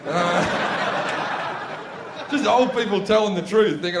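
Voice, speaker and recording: Brash high-voiced Australian comic, echoey room. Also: male voice, unhurried. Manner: brash, profane, chatty with tag questions. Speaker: stand-up comedian. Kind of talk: stand-up comedy set. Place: live comedy venue on stage. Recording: echoey noisy live room.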